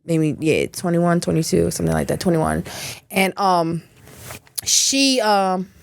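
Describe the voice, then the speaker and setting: A woman's voice: on the low side, measured pace, vocal fry, no room sound. A young adult woman, a podcast guest, telling a story casually with lots of swearing and laughter. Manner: profane, animated, frequent laughter. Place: podcast studio.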